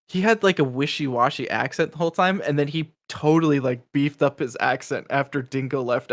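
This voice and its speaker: Man, slightly high voice, rambling casual chat, laughs often. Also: fairly bright tone. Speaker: co-host.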